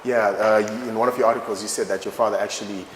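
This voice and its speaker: A man hosts an interview in a teasing, playful way. His voice is fairly low. The room is echoey with a long reverb, and a faint noise sits underneath. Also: fairly even intonation, fast. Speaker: host. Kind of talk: casual interview hosting.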